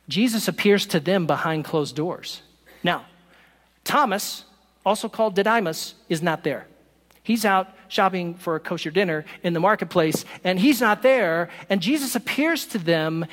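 A man pastor giving a sermon in a church, animated and humorous, acting out scenes as he goes. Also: high-pitched, in a large hall.

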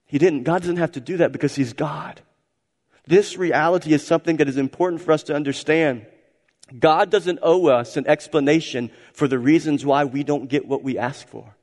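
Male pastor, somewhat high voice, emphatic sermon delivery with dramatic volume swings, recorded in a reverberant sanctuary. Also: normal speed. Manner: emphatic, repeats phrases, swings between loud and hushed. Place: church sanctuary. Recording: church hall reverb.

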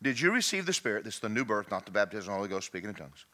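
A man preaching a sermon in an animated way, shouting, laughing and putting on mocking voices. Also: fairly low pitch, very fast.

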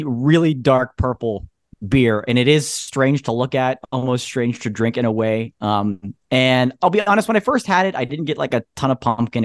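Guy cohosting a chatty podcast, average pitch, super dry close sound, punny and laughy. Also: no room sound. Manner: playful, punny, laughs often. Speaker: podcast co-host. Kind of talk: casual chat.

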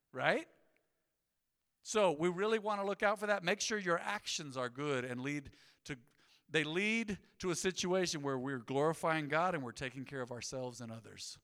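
Pastor, man, high and bright voice, lively conversational sermon, reverb from a big church hall. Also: clear, resonant tone. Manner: energetic, conversational preaching with asides. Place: church sanctuary.

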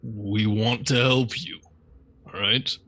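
Bright-voiced man playing a Jedi. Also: lowish voice, fairly even intonation, takes it slowly. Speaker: player. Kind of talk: in-character role-play and table chat.

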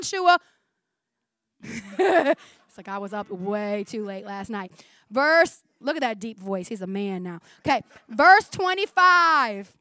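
A woman in her forties preaching a sermon in a church, talking fast and chatty with frequent laughs. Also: on the high side, a bit bright, no echo, studio quality. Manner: fast, chatty, laughing often, says 'like' a lot.

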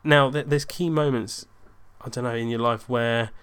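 A man's voice: medium pitch, normal speed, smooth. A young man telling a casual anecdote, rambling and correcting himself, livening up when quoting himself. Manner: rambling, self-interrupting, animated in quoted bits. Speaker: storyteller.

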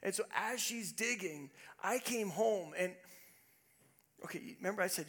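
A male pastor preaching a sermon, telling a self-deprecating story with animated, humorous delivery. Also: high voice, unhurried.

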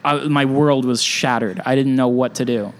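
A man's voice: mid-range voice, moderate pace. A man talking as a newlywed guest on a podcast, a wry storyteller with dry humor. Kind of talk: casual interview chat.

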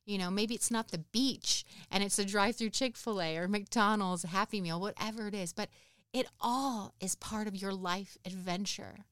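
A woman's voice: medium pitch, normal speed, a bit bright, smooth, no echo, clean studio sound. A woman in her thirties hosting a podcast, talking in an earnest, encouraging way that rambles with restarts as she reflects on life. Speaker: podcast host. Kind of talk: reflective personal talk.

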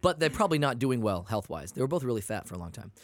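A man's voice: mid-range voice, very fast, no room sound. A man co-hosting a podcast, chatting casually and telling stories with lots of swearing. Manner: profane, animated storyteller. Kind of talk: casual chat.

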